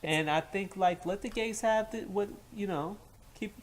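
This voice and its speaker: A man's voice: sits high, unhurried. A young man from Los Angeles with a New York-sounding accent, co-hosting a casual chat, loose and rambling, trailing off with fillers. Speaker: co-host.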